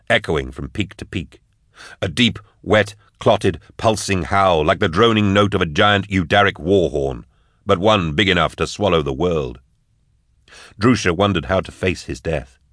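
A man reading scripted narration from an audiobook, in a steady, measured way. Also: low voice, dry recording, clean studio sound.

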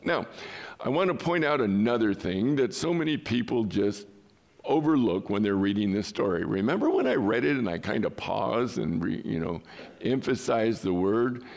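A male pastor preaching with an emphatic, questioning delivery and well-placed pauses. His low voice has a gravelly fry and swings widely in pitch. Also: darkish tone. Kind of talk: sermon.

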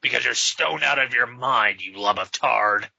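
A man reading aloud and voicing a gruff, contemptuous grown vigilante with curt, scornful lines. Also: medium pitch, normal speed, pushed and bright, no room sound, exaggerated voice. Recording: slightly dull lo-fi sound.

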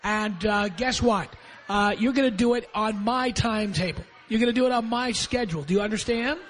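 A man's voice: high voice, brisk, a bit bright, a little hiss or hum. A man hosting a call-in radio show from a studio, lecturing a caller in a sarcastic, domineering way. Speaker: radio talk show host. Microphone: studio microphone.

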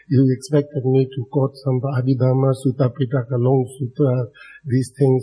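A man's voice: mid-range voice, level tone, normal speed, warm tone, husky, low-quality recording. A man giving a dharma talk to a live audience in non-native, broken English, speaking directly to his listeners and chuckling often. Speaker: Buddhist dharma teacher.

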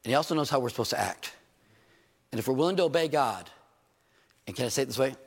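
A man preaching a sermon in a church, animated and joking, with rhetorical questions to his congregation. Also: mid-range voice, fast. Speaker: pastor. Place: church hall. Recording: reverberant church hall.

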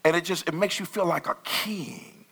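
A man preaching a sermon as pastor, talking in a loose, conversational way with sudden loud bursts. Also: high-pitched, fairly even intonation, moderate pace, gravelly, husky.

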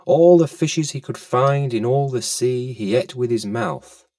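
A man's voice: mid-range voice, expressive, a little slow, gravelly, darkish tone, dry recording, studio quality, far from the mic. A man reading a children's story aloud with a playful, lilting delivery and fond asides to the listener.

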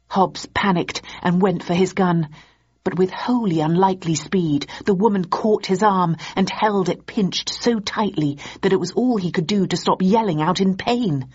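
Woman audiobook narrator, husky voice, fairly low pitch, steady measured reading, slightly dull lo-fi audio. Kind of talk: scripted narration of a novel.

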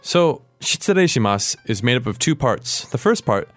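A man's voice: mid-range voice, very animated, moderate pace, fairly bright tone, soft background music. A man hosting a podcast language lesson, patiently explaining a dialogue step by step. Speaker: language teacher host.

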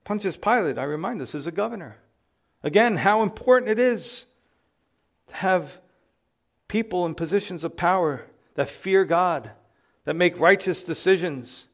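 A male pastor preaching a sermon, building to loud emphatic exclamations. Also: high-pitched, lively intonation, normal speed.

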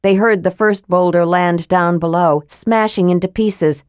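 Woman narrator, lower voice, dry close recording, measured fantasy audiobook read. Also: steady tone, a little mellow, clear, resonant tone, no echo.

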